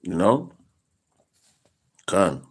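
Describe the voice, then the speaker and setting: A man giving a casual, rambling Bible talk in street slang, slowing down to read scripture aloud. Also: deep voice, sing-song, breathy edge. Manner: loose, rambling, slangy, reads scripture slowly. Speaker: preacher.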